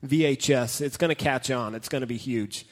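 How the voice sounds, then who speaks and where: A man's voice: medium pitch, normal speed. A man preaching a casual, joking sermon to a young crowd, retelling and reading a Bible story with dramatic flair. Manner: joking, dramatic storytelling, reads scripture aloud. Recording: long hall reverb.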